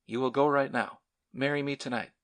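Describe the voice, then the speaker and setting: A man's voice: mid-range voice, steady tone, fairly quick, fairly bright tone, close to an everyday voice. A man reading the lines of a stern, determined young war veteran in an audiobook, commanding and insistent.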